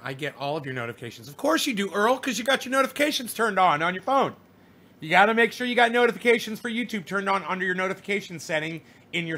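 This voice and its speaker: A middle-aged man hosts a casual livestream, reading out viewers' comments and answering them at length. His voice sits high and sounds bright. He rambles and swears freely as he lectures the chat. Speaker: live streamer reading chat.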